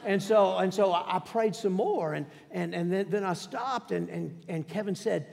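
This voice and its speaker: Gravelly folksy preacher man in a hall. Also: high voice. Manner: folksy, halting repetitions, drops to a hush for prayers. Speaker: pastor. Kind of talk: sermon storytelling. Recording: long hall reverb.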